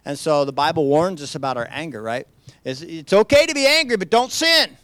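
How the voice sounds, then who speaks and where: A pastor delivers a sermon in a high-pitched male voice, earnest and conversational. He stumbles into restarts and keeps posing rhetorical questions to the congregation. The sound is dry, with almost no room echo. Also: sing-song, a little fast, a bit bright. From United States.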